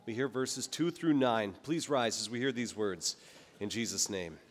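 A man's voice: mid-range voice, normal speed, big-room sound. A male pastor preaching a sermon with earnest, emphatic rises. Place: large church sanctuary.

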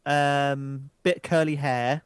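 Slow-talking man, wry co-host. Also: a little high, fairly even intonation, clean tone, dry recording. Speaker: podcast co-host. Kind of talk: casual banter.

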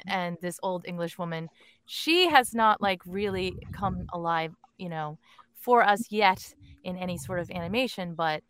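A woman's voice: fairly low pitch, lively intonation, unhurried, a bit bright, smooth. A woman voice actress speaking on a panel in a playful, chatty way. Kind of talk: panel discussion.

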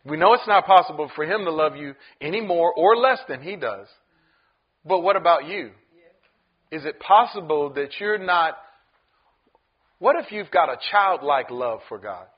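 A man preaching a sermon as pastor, animated and acting out the people in his story. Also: on the high side, moderate pace, husky, muffled recording. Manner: animated, acts out voices in the story.

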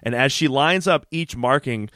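Man, podcast co-host, casual episode recap, lively storyteller, dry close mic, mid pitch. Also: normal speed, dry recording. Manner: animated retelling with quoted voices and laughs.

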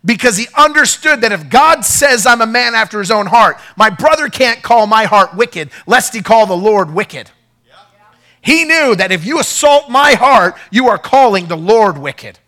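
Pastor guy preaching, high bright voice, gets into the story. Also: normal speed. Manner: animated, acts out quoted voices; drops to a quiet, low storytelling tone. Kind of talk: sermon.

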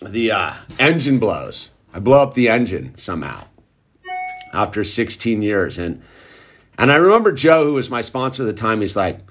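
A man's voice: fairly low pitch, big pitch swings, moderate pace, faint music behind. A middle-aged man casually telling a long personal story in laid-back slang, tossing in "dude" constantly. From Southern California. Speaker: recovery storyteller.

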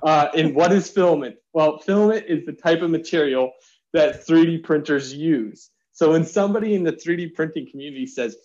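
A man's voice: a little high, a little fast, a little mellow. A young man co-hosting a casual podcast, explaining things with puns and laughing often. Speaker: podcast co-host. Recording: slightly dull lo-fi sound.

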